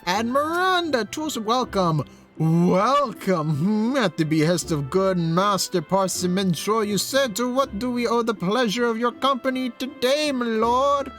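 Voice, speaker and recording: A man's voice: expressive, a little slow, fairly bright tone, faint music behind. A man doing a fawning, oily servant. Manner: oily, over-polite, high and gushing. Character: fawning obsequious male servant.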